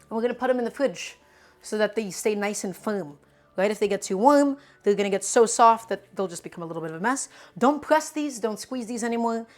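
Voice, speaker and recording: A woman's voice: medium pitch, a little mellow. Young woman, cooking streamer, casual and playful, home kitchen, light music underneath. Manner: chatty, playful, answers chat questions.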